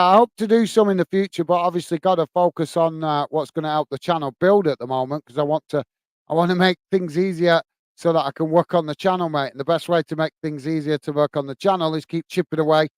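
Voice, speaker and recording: A man from the UK hosts a football fan live stream in an easygoing, chatty way. He calls everyone "mate" and fills his pauses with "uh". His voice sits a little high and comes through smooth and clear in a dry, close room. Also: dry recording. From United Kingdom. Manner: chatty, says "mate" a lot, many fillers. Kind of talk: casual live chat reading comments and scores.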